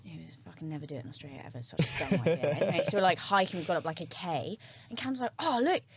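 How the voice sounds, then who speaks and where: A woman guest on a podcast who tells stories in a casual, animated way, swearing freely and trailing off mid-sentence. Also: on the low side, racing. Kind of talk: casual storytelling.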